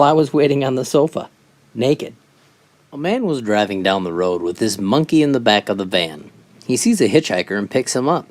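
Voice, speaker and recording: A joke teller reading jokes aloud in a brisk storytelling manner, often opening lines with "well". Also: medium pitch.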